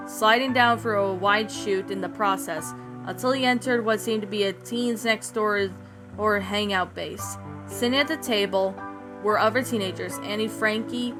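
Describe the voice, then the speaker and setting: A woman reading a fan-written story aloud in a steady, even voice. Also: mid-range voice. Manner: steady, even narration with small slips. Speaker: fan fiction reader. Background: soft background music.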